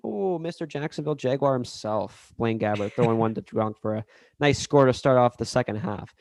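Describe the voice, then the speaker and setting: A man's voice: mid-range voice, brisk, darkish tone. A man co-hosting a podcast in casual sports chat, playful and slangy, rattling off game stats. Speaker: podcast co-host.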